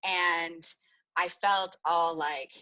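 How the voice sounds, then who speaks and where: A woman's voice: lowish voice, fairly even intonation, extremely slow, pushed and bright, lo-fi sound. A woman hosting a podcast, telling a personal story in a chatty, giggly way with lots of rambling restarts. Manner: rambling with many restarts and fillers. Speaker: podcast host.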